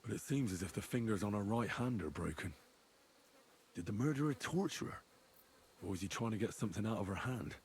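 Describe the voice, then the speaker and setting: A grim young medieval investigator. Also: male voice, on the low side, animated, fairly quick, darkish tone, breathy edge. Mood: puzzled. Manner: grim, thoughtful, wondering aloud. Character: young male medieval investigator examining a body. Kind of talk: video game voice acting.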